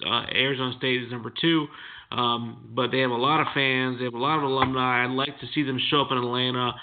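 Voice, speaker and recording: A man co-hosting a casual sports chat, halting and often restarting his sentences. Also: mid-range voice, fairly even intonation. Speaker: sports podcast co-host. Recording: tinny phone-like line.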